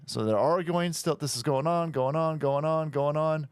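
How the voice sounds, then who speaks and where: A man's voice: fairly high pitch, moderate pace, clean tone, no echo, clean studio sound, soft background music. A man hosting a show, giving crude, mocking play-by-play commentary over video clips. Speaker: show host.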